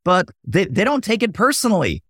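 Excited guy on a podcast explaining sales stuff, bouncy voice, dry mic. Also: high-pitched, brisk, dry recording. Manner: animated, acts out sample dialogue. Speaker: sales expert guest. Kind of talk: podcast interview.

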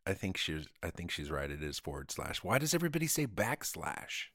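A man's voice: deep voice, sing-song, brisk, no echo. A middle-aged man co-hosting a podcast, chatting casually in a playful, jokey way. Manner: playful, jokey, bursts into loud laughter. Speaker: podcast co-host. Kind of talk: casual comedic chat.

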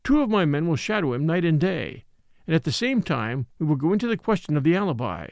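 A man's voice: on the high side, sing-song, fast, creaky, no echo, studio quality. A man reading the part of a formal, severe middle-aged French magistrate. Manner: formal, polite but severe. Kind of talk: audiobook character reading.

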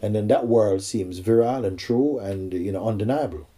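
A man with a very dark, mellow tone and a husky grain, speaking as a spiritual teacher. He talks slowly and reflectively, with many pauses, and his voice sits on the low side. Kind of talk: spiritual dialogue.

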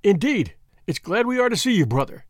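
A man voicing a stern, domineering older lodge boss who speaks in a loud, hearty way. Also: high-pitched, sing-song, a little fast, no echo, clean studio sound.

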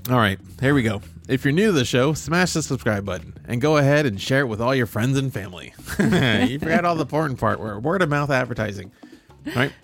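Man, gravelly, hoarse, rambling and wry, casual podcast co-host. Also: mid-range voice, animated, a little fast, fairly bright tone. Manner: rambling, wry, self-mocking. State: losing his voice. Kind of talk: casual sports betting chat.

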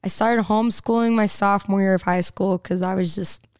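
Giggly young woman from texas, smooth clear voice, rambly interview chat. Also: medium pitch, fairly even intonation, a little fast, a little mellow, no room sound. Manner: bubbly, chatty, laughs often, rambling restarts. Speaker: singer-songwriter guest. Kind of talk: casual radio interview chat.

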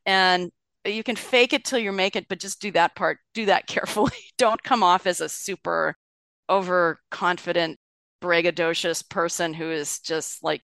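A woman's voice: lowish voice, moderate pace, gravelly, dry recording. Chatty woman guest, dry close sound. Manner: chatty and animated, laughs often, acts out quoted thoughts. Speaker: author and podcast guest. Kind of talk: conversational interview.

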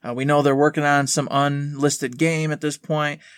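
Man, podcast host, casual and joking, sarcastic, slightly high pitch. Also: flat delivery, moderate pace, no room sound.

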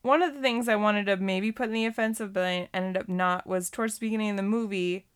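A woman's voice: medium pitch, steady tone, fast talker, smooth. A woman co-hosting a casual podcast movie review, chatty and exasperated as she recounts scenes. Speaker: podcast co-host.

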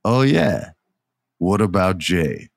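Smug wrestling boss as a man quotes him, drawling, low voice, dry sound. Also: sing-song, slow, vocal fry, no echo, exaggerated voice.

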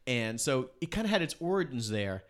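A man's voice: medium pitch, big pitch swings, fairly quick. A man chatting casually on a podcast, rambling with lots of "like" and "you know.". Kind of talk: casual chat.

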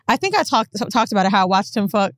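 A woman co-hosting a podcast, telling personal stories in a candid, animated way. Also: mid-range voice, fast, dry recording, clean studio sound. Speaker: podcast co-host. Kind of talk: casual chat.

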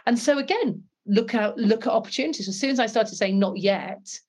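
British woman guest, earnest and animated, voices the people in her stories. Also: on the high side, brisk, slightly rough. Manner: earnest, animated, acts out quoted dialogue. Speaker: guest, former RAF pilot and author. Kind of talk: conversational interview storytelling.

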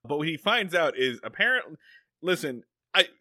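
A man co-hosting a podcast, chatting casually and profanely, retelling scenes with quick mock voices. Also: fairly high pitch, sing-song, bright, forceful tone, dry recording, studio quality. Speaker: podcast co-host. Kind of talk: casual comedic chat.

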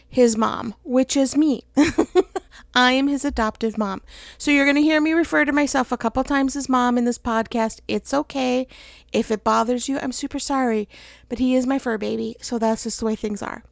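A woman's voice: a little high, creaky, no room sound. A middle-aged woman hosting her own podcast, chatting casually and laughing often into a close mic. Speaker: podcast host. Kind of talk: casual solo podcast chat.

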